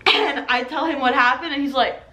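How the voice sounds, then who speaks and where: Bright, animated young woman telling stories. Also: high voice, brisk, reverberant. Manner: animated, acts out customers' voices. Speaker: vlogger and restaurant server. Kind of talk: casual storytime chat.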